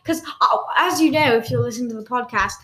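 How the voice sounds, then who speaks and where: High-voiced rambling woman podcast host. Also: fairly bright tone, reverberant. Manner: rambling, halting, lots of fillers. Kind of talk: improvised comedy podcast chat.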